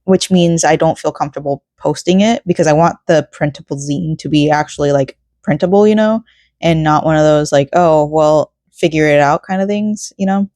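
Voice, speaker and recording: A woman's voice: deep voice, normal speed, warm tone, dry recording, studio quality. A young woman chatting casually while crafting at home, rambling and emotional, with frequent laughs. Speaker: crafting vlogger. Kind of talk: casual rambling vlog chat.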